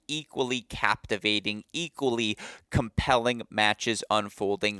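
A man's voice: on the low side, clear, resonant tone, dry recording, clean studio sound. A man hosting a sports podcast, recapping matches with enthusiasm and a slightly worn voice. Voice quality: slightly worn voice after a long day. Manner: enthusiastic, gets loud and excited telling stories. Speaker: podcast host.

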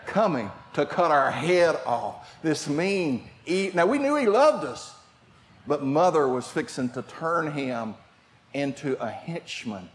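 An older man preaching a sermon, telling family stories and shifting from shouts to quiet asides. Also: medium pitch, a little hiss or hum. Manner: storytelling preacher, swings from shouting to hushed. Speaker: pastor.

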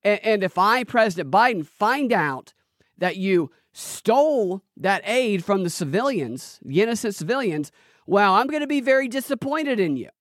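A man's voice: high voice, sing-song, normal speed, a bit bright, no echo, studio quality, voice pushed up. A man doing a mocking impression of an elderly male president, scolding in a patronizing, sing-song way.

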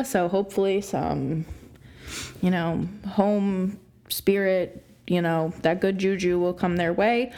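A young adult woman hosting a sports podcast, ranting in an exasperated, animated way and laughing between points. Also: medium pitch. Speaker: podcast host. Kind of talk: opinionated sports podcast rant.

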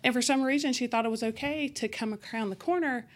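A woman teacher as an interview guest, telling stories in a lively conversational way and acting out the exchanges she describes. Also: fairly high pitch, fast talker. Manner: animated, acts out quoted exchanges. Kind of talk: conversational storytelling.

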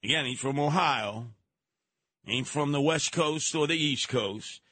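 A man's voice: on the high side, unhurried, pushed and bright, no room sound. A man hosting talk radio, giving an emphatic, mocking, opinionated monologue. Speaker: radio talk show host.

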